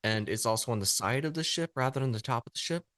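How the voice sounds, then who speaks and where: A man's voice: mid-range voice, expressive, fast talker, a bit bright, no echo, clean studio sound. A man from Canada playing a tabletop game, speaking hesitantly with many fillers. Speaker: player. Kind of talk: casual tabletop game chat.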